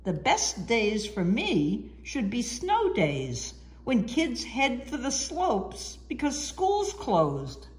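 A woman's voice: on the high side, huge pitch swings, slow, few pauses, exaggerated voice. A woman voicing a blustery, folksy man ski resort owner in a storybook reading. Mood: gruff.

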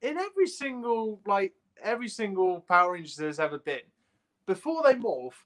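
A man's voice: sits high, very animated, moderate pace, a bit bright. A man co-hosting a casual podcast chat, exasperated, firing rhetorical questions and laughing often. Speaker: podcast co-host.

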